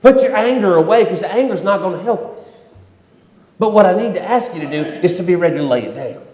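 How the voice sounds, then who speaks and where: A preacher voicing a stern, patient teacher. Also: male voice, sits high, expressive, a little mellow. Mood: firm. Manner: firm, measured instructions. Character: stern, patient male teacher giving firm commands. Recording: echoey church hall.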